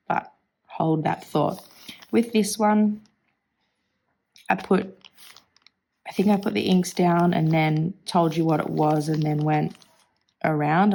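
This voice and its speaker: Woman vlogging with a croaky gravelly voice, low and mellow, rambly chat. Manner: chatty, rambling, with throat clearing. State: hoarse, losing her voice. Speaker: stationery vlogger. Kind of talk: casual flip-through vlog narration.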